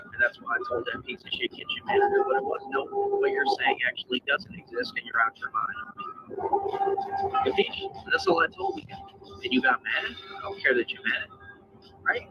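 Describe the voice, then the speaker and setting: A man's voice: extremely high pitch, heavy background noise. A man delivering a confrontational, profane rant, taunting and repeating his challenges. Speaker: ranting video poster. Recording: lo-fi clip under loud music.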